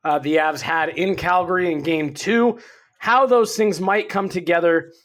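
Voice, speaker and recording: A man's voice: sits high, unhurried, fairly bright tone. A man hosting a sports podcast, steering the talk into breaks in an upbeat, casual way. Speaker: podcast host.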